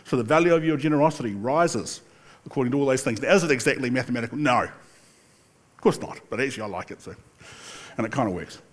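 An older man preaching a sermon in a relaxed, chatty storytelling way, with asides and the occasional laugh. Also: mid-range voice, fast talker. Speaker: pastor.

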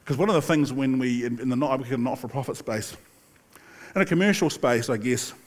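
Talking fairly quickly in a middle-pitched voice, an older pastor gives a conversational sermon built on stories. He's relaxed and friendly, pausing here and there for a laugh or a side comment.

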